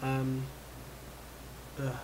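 A man's voice: mid-range voice, monotone, very slow. A man vlogging at home, rambling in a frustrated way with lots of fillers and a voice he says is going. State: losing his voice. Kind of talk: casual rambling vlog. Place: home room with his cat. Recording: noisy home recording.

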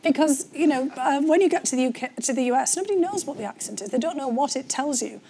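A woman's voice: high-pitched, animated, fast talker, warm tone, slight background noise. A woman with a North East English accent, a guest in an interview, telling her story candidly with frequent fillers. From North East England. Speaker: guest, former government official. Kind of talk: conversational interview.

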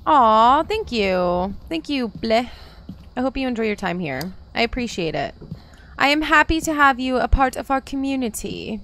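Woman streamer gabbing at chat while playing, highish voice, bouncy, faint hiss behind. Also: moderate pace. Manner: chatty, animated, talks to viewers by name. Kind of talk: casual live-stream chat while gaming.

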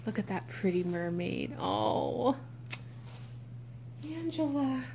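A woman's voice: medium pitch, slow, a little hiss or hum. A woman vlogger chatting through an unboxing, gushing and exclaiming with frequent gasps. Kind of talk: unboxing vlog chat.

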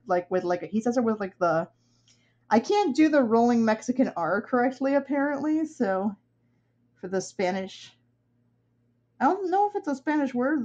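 A woman's voice: medium pitch, darkish tone, highs cut off. A young woman from upstate New York, an artist chatting casually and rambling while she works, laughing often. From upstate New York, USA. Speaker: artist streaming her work. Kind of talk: casual chat while drawing.

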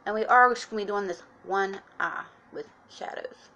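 A woman's voice: medium pitch, moderate pace, bright, forceful tone, lo-fi sound. A woman chatting through a casual makeup tutorial, talking straight to her viewers and explaining each step. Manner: chatty, instructive, addresses viewers as guys. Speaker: makeup vlogger.

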